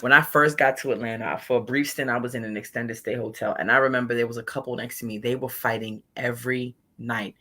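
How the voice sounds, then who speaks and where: A woman from Brooklyn telling an animated story as a podcast guest, emphatic and blunt, acting out her own words. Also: rumbling low, quick pace, hardly any pauses. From Brooklyn, New York. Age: adult with a child. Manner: emphatic, blunt, quotes herself in lively asides. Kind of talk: casual chat, animated storytelling.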